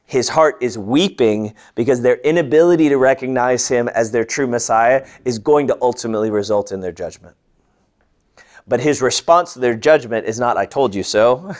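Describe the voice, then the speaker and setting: A man teaching a bible class, earnest and lively, voicing the people he quotes and dropping to a hush for tender moments. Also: medium pitch. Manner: earnest, animated when quoting, softening to hushed. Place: large room or hall.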